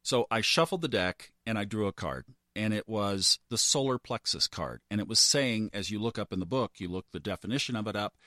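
A man in his fifties hosting a podcast, telling a personal story in an earnest way that builds to animated emphasis. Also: on the low side, fairly quick, few pauses, dry recording, clean studio sound. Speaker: podcast host.

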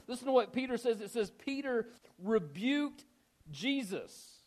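A male pastor preaching a sermon in a conversational, animated storytelling manner, mixing in casual slang. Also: very high voice, moderate pace.

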